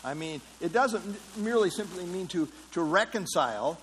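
A man's voice: high voice, lively intonation, a little fast, hardly any pauses, fairly bright tone, slight background noise, low-quality recording. A man leading an interactive Bible study, explaining a passage in a conversational way and putting questions to the class. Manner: conversational, asks the class questions, frequent fillers. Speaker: Bible teacher.

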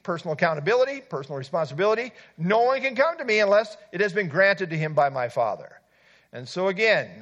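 A man preaching a conversational sermon as a pastor, reading verses and adding lively asides. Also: fairly high pitch, dull audio.

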